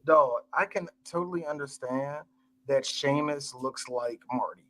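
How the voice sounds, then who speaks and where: A man co-hosting a casual movie podcast, animated, joking and full of slang. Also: mid-range voice, measured pace. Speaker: podcast co-host. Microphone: live stream mic.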